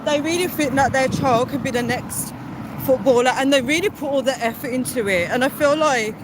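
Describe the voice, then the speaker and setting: A woman's voice: high-pitched, fairly quick. A woman on a casual live video, chatty, easily distracted and apologetic, out of breath as she walks along a city street talking into her phone. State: out of breath from walking. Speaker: vlogger doing a live video. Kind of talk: casual rambling live stream while walking. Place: busy city street outdoors. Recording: loud street traffic behind.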